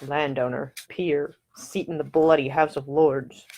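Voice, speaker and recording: A woman's voice: low voice, steady tone, unhurried, darkish tone. A woman voicing a wry young nobleman who talks with dry humor and fussy opinions. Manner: wry, fussy about decor.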